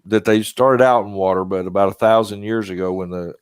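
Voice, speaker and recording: Man, lower register, dry close mic; loose, filler-heavy host banter. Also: fairly even intonation, fairly quick, clean tone, no echo. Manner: rambling, self-deprecating, frequent fillers. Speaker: podcast host. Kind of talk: casual podcast chat.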